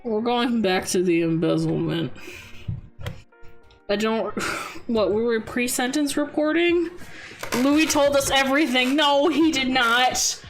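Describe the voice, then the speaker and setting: A woman's voice: on the high side, takes it slowly, pauses often, soft background music. A woman streaming a game, chatting casually in a playful, exasperated way and laughing often. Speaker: VTuber streamer. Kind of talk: casual gaming livestream chat.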